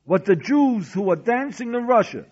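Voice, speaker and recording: A man's voice: high voice, sing-song, normal speed, darkish tone. A man teaching a Talmud lesson as a sermon, telling stories dramatically and asking rhetorical questions. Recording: dull lo-fi recording.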